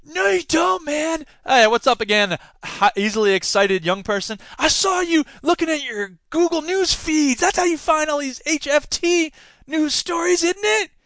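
A man plays a needling, mocking heckler in a teasing mood, using a full character voice pitched above his own. It's very high-pitched, lively, a bit bright, at a moderate pace, in studio quality with no room sound.

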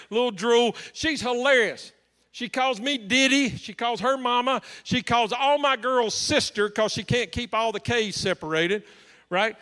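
A man's voice: extremely high pitch, pushed and bright. A male pastor preaching a story-driven sermon, impassioned and swinging between solemn and joking.

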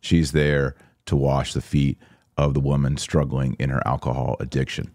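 A middle-aged man hosting a podcast, walking through a series of images with wry, sarcastic commentary and quick put-on voices for the people in them. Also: extremely low pitch, level tone, a little mellow, no room sound. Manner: wry, sarcastic, acts out quoted figures. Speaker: podcast host.

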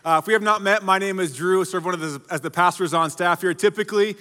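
A man in his forties, a pastor, preaching a sermon to a church in an energetic, joking way and calling out to the congregation. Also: high-pitched, fast. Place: large church auditorium. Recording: long hall reverb.

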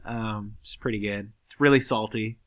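A man's voice: lowish voice, steady tone, moderate pace, over a noisy crowd. A young man co-hosting a podcast, chatting casually and crudely, swearing and laughing often as he rambles. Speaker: podcast co-host.

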